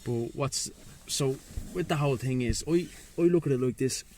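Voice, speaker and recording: A man with a Dublin Irish accent, talking as a guest in a loose chat outdoors by the sea. He is frank and fired up, full of slang and swearing. His pitch sits in an ordinary middle range. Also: normal speed, darkish tone. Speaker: guest, breathwork and sea-swim facilitator. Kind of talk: casual chat.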